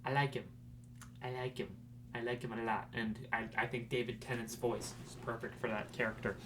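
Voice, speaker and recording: A young man hosting a podcast, rambling in casual chat with lots of fillers and excited fan talk. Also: medium pitch, fairly quick, background noise. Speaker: podcast host.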